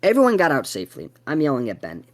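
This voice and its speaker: A young man hosting a podcast, telling a story in a profane, excitable way. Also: medium pitch, fast talker. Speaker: podcast host.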